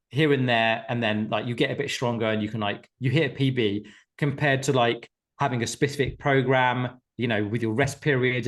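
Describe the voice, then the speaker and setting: A male coach speaking on a video call to a group of clients, his pitch sitting in an ordinary middle register. He talks in an emphatic, repetitive way and drops casual swearing as he urges them on.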